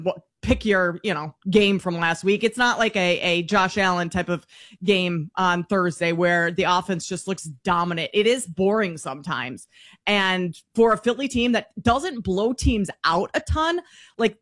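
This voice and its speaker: A woman's voice: on the low side, fairly bright tone, no echo, clean studio sound. A woman co-hosting a sports show, chatty and full of likes and ums. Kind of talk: casual sports chat.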